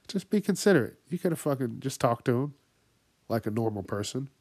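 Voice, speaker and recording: A man's voice: medium pitch, animated, fairly quick, a little mellow, husky, no echo. Profane ranting man, dry sound. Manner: angry, swears constantly, acts out other people in raised voices. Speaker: podcast host.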